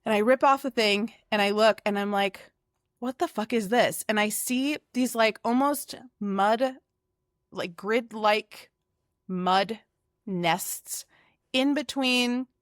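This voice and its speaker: A young adult woman co-hosting a podcast, telling a story in lively casual chat, swearing often and acting out her own reactions. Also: on the high side, slow, no room sound, studio quality. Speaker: podcast co-host.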